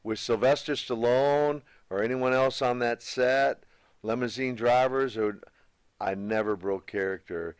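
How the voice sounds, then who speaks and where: A man's voice: mid-range voice, fairly even intonation, a little slow, clean tone, no echo. Older man, rambling storyteller, plain middle voice, dry sound. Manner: rambling, self-repeating anecdotes. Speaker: guest, former pro wrestler. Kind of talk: casual storytelling interview.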